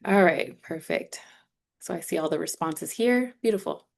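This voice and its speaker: Low-voiced woman walking an online class through its course steps. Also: animated, normal speed, gravelly. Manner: conversational, upbeat, explaining step by step. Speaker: instructor voice for a sign language course.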